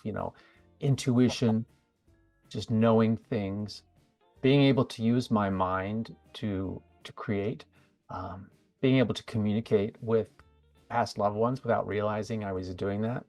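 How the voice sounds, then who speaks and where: Low-voiced chatty middle-aged man. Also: vocal fry, a little mellow, no echo. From USA. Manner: chatty, rambling with fillers and self-corrections. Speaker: guest, psychic medium. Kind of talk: casual interview chat.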